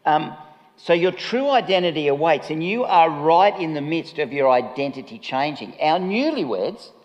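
A man's voice: on the high side, lively intonation, normal speed, lo-fi sound. A man preaching a chatty, humorous sermon, often laughing at himself. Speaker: pastor. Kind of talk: conversational sermon. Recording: long reverb of a large hall.

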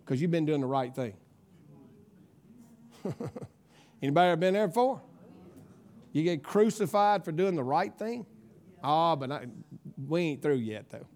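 A middle-aged man preaching a sermon, telling a personal story with emotion and tears that build into loud praise. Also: on the high side, animated, a little slow, long pauses. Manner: emotional, tearful storytelling that rises to shouted praise. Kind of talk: sermon testimony.

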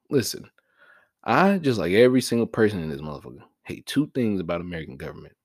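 Animated low-voiced man ranting. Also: fast, no echo, studio quality. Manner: profane, animated, jumps between loud high outbursts and low mutters. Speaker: vlog host. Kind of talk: casual ranting monologue.

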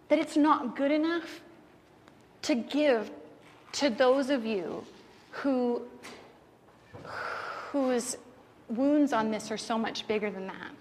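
A woman in her thirties preaching a sermon, telling family stories and acting out what people said. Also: high-pitched. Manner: animated storyteller acting out family quotes. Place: church sanctuary. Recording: reverberant church hall, faint room noise.

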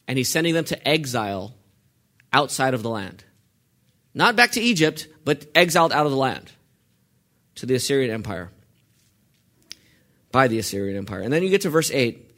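A male pastor preaching a sermon, asking the congregation questions and swinging between hushed and forceful delivery. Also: mid-range voice. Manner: asks the congregation questions and lets them fill in answers.

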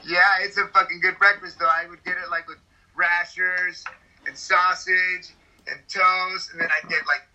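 Bright, high-voiced swearing Californian man. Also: level tone, normal speed, low-quality recording. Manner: profane, rambling storyteller. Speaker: podcast guest. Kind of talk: casual chat.

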